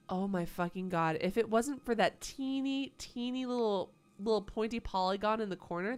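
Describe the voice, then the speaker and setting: A woman live-streaming a game, with playful, sarcastic commentary and plenty of swearing. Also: fairly high pitch. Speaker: gaming streamer.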